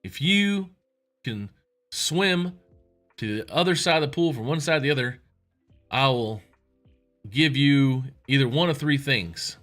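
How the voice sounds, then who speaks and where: Rich Texan party host, brash and excitable, pitched well above the man's own voice, done by a man. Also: unhurried, pauses often, faint music behind. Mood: boastful. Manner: loud, exclamatory, stammering with excitement.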